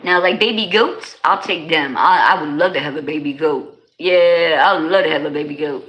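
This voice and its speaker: Bright-voiced woman streamer. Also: sits low, normal speed, low-quality recording. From New Jersey. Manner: animated, slangy, talks straight to chat. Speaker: livestreamer. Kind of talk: casual livestream chat with viewers.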